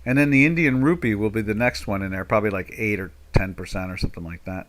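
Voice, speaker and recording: A man's voice: on the low side, fast talker, a bit bright. A man in his sixties giving rambling, folksy live trading commentary with sarcastic asides from a home trading desk. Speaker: market commentator.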